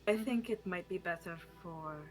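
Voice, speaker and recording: A woman voicing Ivory, a calm and sensible young traveler in a tabletop game, speaking softly in character. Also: fairly low pitch, normal speed, voice pushed down, close to an everyday voice.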